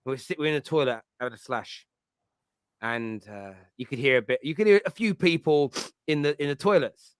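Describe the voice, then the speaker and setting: A man's voice: mid-range voice, fairly quick, clear, resonant tone, no echo. A man hosting a casual podcast chat, telling stories animatedly and laughing often. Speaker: podcast host.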